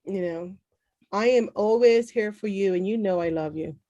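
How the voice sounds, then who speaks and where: Woman host comforting her guest, soft reassuring tone, dry sound, no room echo. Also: medium pitch, moderate pace, highs cut off. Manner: soothing, reassuring, brief affirmations. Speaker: podcast host. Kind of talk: supportive interview chat.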